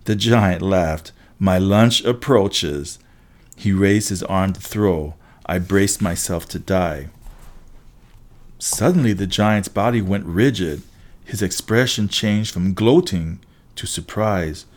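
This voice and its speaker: A man reading a first-person adventure story aloud as an audiobook narrator, brisk, with occasional restarts. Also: low-pitched.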